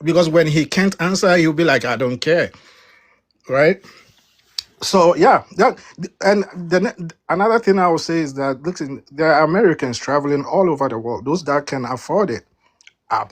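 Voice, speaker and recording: Emphatic African man debating, higher voice. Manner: emphatic, repeats words when cutting in, rising pitch on key points. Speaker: debate panelist. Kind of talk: heated panel debate.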